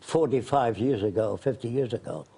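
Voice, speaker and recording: A man's voice: mid-range voice, normal speed, mellow, breathy edge. An older man being interviewed, telling long rambling stories and acting out the voices of people in them. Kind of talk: conversational storytelling.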